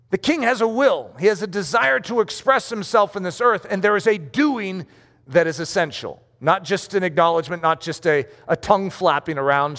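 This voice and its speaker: A man with a high voice preaches a sermon in a large hall, and his words ring out with long reverb. He speaks with emphasis and acts out the voices of the people he quotes. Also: fairly bright tone.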